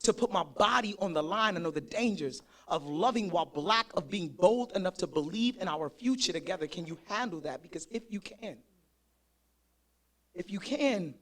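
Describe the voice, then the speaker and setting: A man's voice: sits high, a bit bright. A man performing spoken word on a live stage, joking and swearing between rhythmic, punchy lines of poetry. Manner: profane, joking, rhythmic delivery.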